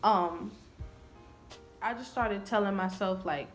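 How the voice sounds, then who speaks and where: Young woman vlogger, earnest personal storytelling, slow and a bit low-pitched. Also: fairly even intonation, faint music behind. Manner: earnest and confessional.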